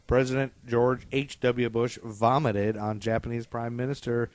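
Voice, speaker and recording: A man's voice: mid-range voice, steady tone, normal speed, darkish tone, dry recording. A man co-hosting a casual podcast, joking and irreverent and happy to mock himself. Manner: joking, irreverent, self-mocking. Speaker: podcast co-host. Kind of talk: casual chat.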